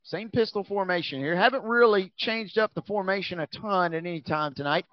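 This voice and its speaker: Male play-by-play caller, higher voice, energetic, dry lo-fi broadcast sound. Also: a little fast. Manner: energetic, rising on big plays. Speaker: play-by-play announcer. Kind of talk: high school football commentary.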